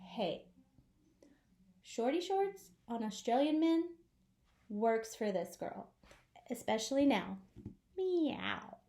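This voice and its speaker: A woman's voice: on the high side, big pitch swings, slow pace, pauses often, dark tone. A young woman from the United States hosting a travel vlog in playful, jokey scripted narration with theatrical asides. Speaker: vlog host.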